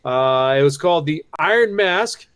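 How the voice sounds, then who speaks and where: A middle-aged man with a somewhat raised pitch, co-hosting a podcast. He spins relaxed, chatty anecdotes and keeps the conversation moving. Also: normal speed, clean tone. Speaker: podcast co-host. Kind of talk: casual chat.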